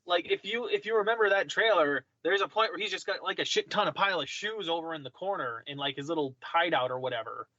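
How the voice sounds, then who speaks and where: A man's voice: on the high side, lively intonation, fast talker, few pauses, bright, forceful tone, no room sound, dull audio. A man co-hosting a casual podcast, rambling through his points with lots of fillers and the odd swear. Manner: rambling, filler-heavy, irreverent. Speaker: podcast co-host. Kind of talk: casual chat.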